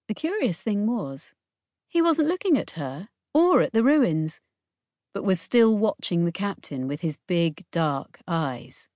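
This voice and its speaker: A woman narrates a novel in an unhurried, measured voice. Her pitch sits slightly low, and the recording is dry and close. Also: expressive, a little mellow, no room sound. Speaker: audiobook narrator. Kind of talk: scripted narration.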